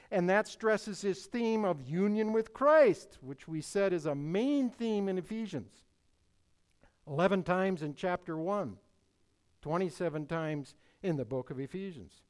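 A man preaching a sermon in an emphatic, deliberate way, repeating key phrases. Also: on the high side.

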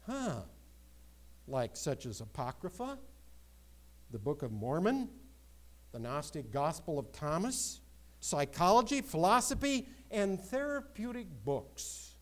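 A man preaching a sermon, swinging between loud emphatic exclamations and quieter asides. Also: a little high, poor audio. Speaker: pastor.

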